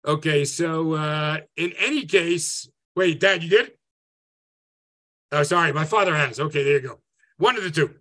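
A man teaching an interactive online class as a rabbi, conversational and lively, often checking in with "right?". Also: on the high side, moderate pace. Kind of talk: interactive Zoom lecture. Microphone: video call.

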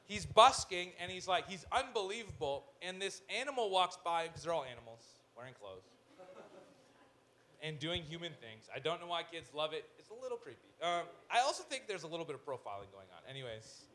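Dude preaching a sermon, kinda high voice, jokey and lively, gets loud then quiet, faint room hum behind. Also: male voice, a little fast. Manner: animated, joking asides, swings from loud to hushed. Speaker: pastor.

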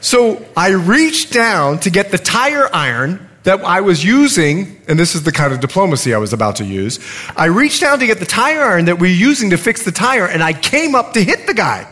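A man's voice: high-pitched, normal speed. A middle-aged male pastor preaching a sermon, telling humorous stories and acting out the voices of people in them. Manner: animated, humorous, acts out quoted voices. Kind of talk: sermon with storytelling.

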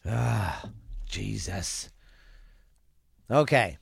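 A man's voice: mid-range voice, measured pace, fairly bright tone, clear, resonant tone, no echo. A man hosting a vlog, reading viewer comments aloud with crude jokes and rambling asides.

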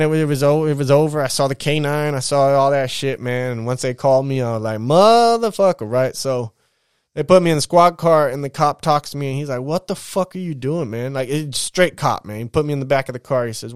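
A man's voice: mid-range voice, clear, resonant tone, dry recording, clean studio sound. Blunt, profane young man telling his story. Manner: blunt, profane, many restarts. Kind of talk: casual storytelling.

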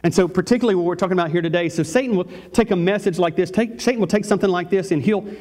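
A man's voice: high-pitched, rapid-fire, darkish tone. A male pastor preaching a sermon in a church, emphatic and repetitive. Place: church sanctuary.

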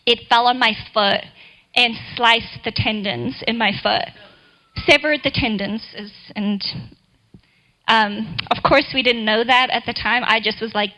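A woman's voice: fairly high pitch, unhurried, sharp tone, low-quality recording. A middle-aged woman giving a church talk, telling a personal story in a chatty way before reading scripture.

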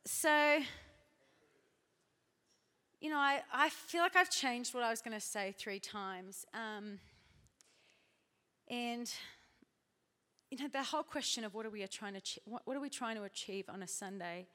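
A woman's voice: on the high side, expressive, unhurried, pauses often, bright, forceful tone, big-room sound. An Australian woman in her thirties giving a chatty, self-deprecating church talk at a conference, full of filler words. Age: 30s. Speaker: conference speaker.

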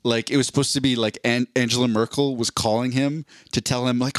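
A man's voice: mid-range voice, fairly even intonation, brisk, dry recording, studio quality. A man co-hosting a casual podcast chat, rambling and restarting as he explains things at length. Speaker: podcast co-host.

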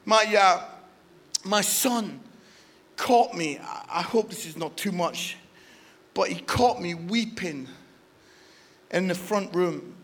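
A man preaching a passionate sermon as a guest speaker, dropping to near-whispers and then rising to shouts. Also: high voice, slow pace, pauses often. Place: church service.

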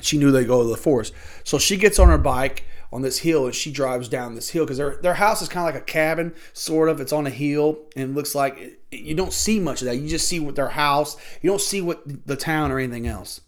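A man's voice: on the high side, a little fast. A young man casually recapping a film plot as a podcast host, rambling and often correcting himself mid-sentence. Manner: rambling, self-correcting, loose and conversational.

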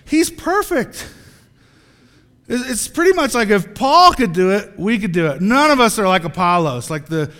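A man preaching a sermon in an animated, joking way, acting out little scenes as he goes. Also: high voice, moderate pace, big-room sound.

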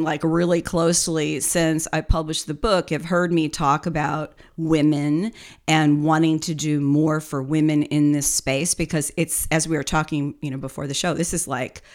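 A woman's voice: low voice, steady tone, normal speed. A woman co-hosting a business podcast, telling her story in a chatty, easygoing way. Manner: chatty storytelling with fillers and light laughs. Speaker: podcast co-host. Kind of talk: casual podcast conversation.

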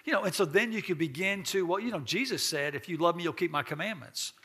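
A man's voice: high voice, expressive, fast talker, a bit bright, breathy edge. A man teaching a church class in a folksy, interactive way, asking the group questions and laughing often.

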